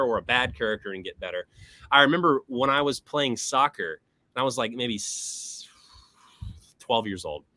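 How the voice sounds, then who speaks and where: A man's voice: medium pitch, sharp tone, no echo. A man speaking as a podcast guest, telling personal stories in an earnest, reflective way, with frequent swearing. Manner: earnest, profane, reflective storytelling. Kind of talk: casual podcast chat.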